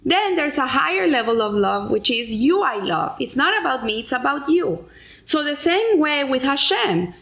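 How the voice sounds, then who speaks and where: A woman's voice: high-pitched, very animated, normal speed, vocal fry, fairly bright tone. A middle-aged woman explaining a weekly Torah lesson in an earnest way, with frequent restarts and Hebrew terms. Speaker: Torah teacher.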